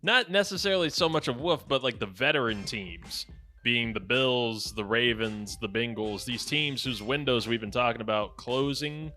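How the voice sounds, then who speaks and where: A man's voice: medium pitch, moderate pace, sharp tone, soft background music. A young man hosting a casual sports podcast, joking and keeping the countdown moving. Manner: joking, upbeat, runs the countdown. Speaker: podcast host.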